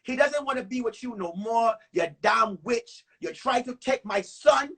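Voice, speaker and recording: A frantic, churchy mother who yells and calls on God , as a man puts her on. Her voice is pitched very high and husky, and she shouts in short bursts. It is stand-up comedy. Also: expressive, measured pace, exaggerated voice. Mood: indignant. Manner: shouting, panicked, praying aloud. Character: frantic, religious middle-aged mother.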